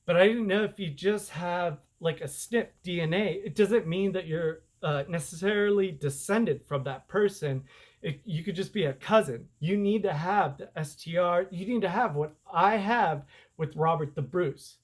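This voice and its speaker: Excitable rambling man, slangy and indignant. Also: moderate pace. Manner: excitable and rambling, pitch jumping up when indignant, slangy with "dude" and "bro". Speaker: self-published author and vlogger. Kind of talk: casual rambling monologue to camera.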